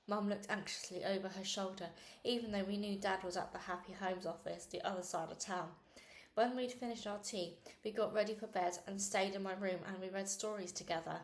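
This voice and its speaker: A woman reading a children's novel aloud in a steady, earnest way. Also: medium pitch, a little fast. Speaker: reader. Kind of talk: storybook read-aloud. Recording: roomy echo with faint hiss.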